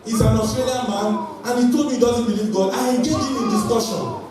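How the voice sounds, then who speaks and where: A man preaching an energetic sermon and calling on his congregation to respond. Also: extremely high pitch, fairly quick, music in the background. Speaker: pastor. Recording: echoey hall, voice from far off, faint noise.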